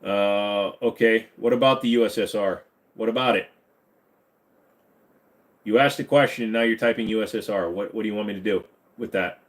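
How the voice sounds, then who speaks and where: A man in his mid-thirties hosts a casual live-stream Q&A. He reads chat questions aloud and answers them offhand. His delivery swings between mumbled asides and loud bursts of hype. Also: fairly low pitch, normal speed, pauses often. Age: 30s.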